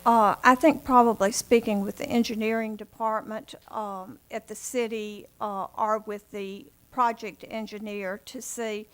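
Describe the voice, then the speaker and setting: Woman chairing a public meeting, flat tone. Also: mid-range voice, measured pace, few pauses, smooth. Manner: polite, formal procedural phrasing. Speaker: planning commission chair. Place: city council chambers.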